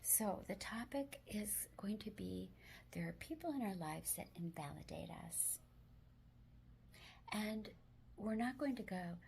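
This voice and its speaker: A woman hosting a self-help video, talking gently and mostly in a whisper, with firmer spoken phrases now and then. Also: mid-range voice, animated, measured pace, gravelly, long pauses, slight background noise.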